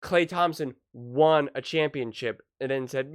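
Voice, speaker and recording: Young man, sports commentary host, emphatic, animated, punchy, speaks straight to his viewers. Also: mid-range voice, measured pace, clear, resonant tone, no room sound, studio quality. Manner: animated, emphatic, quoting players in punchy voices. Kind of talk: solo sports opinion commentary.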